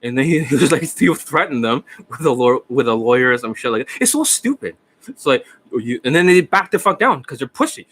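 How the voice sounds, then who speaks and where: A hoarse man lecturing his viewers as a dating coach, profane and combative, firing off rhetorical questions. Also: mid-range voice, big pitch swings, brisk, a bit bright. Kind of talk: ranting monologue to viewers.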